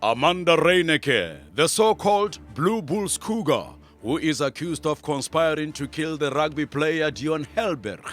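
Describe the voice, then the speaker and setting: An actor playing a dry, deadpan male news anchor in a satirical puppet newscast. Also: a little high, unhurried, hardly any pauses, soft background music. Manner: crisp newsreader delivery, deadpan.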